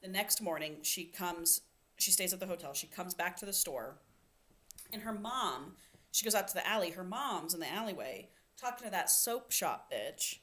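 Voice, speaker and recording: A woman with a bright but lowish voice, speaking at a moderate pace, co-hosts a podcast and casually retells a novel's plot. She's an animated storyteller who acts out quotes and swears casually.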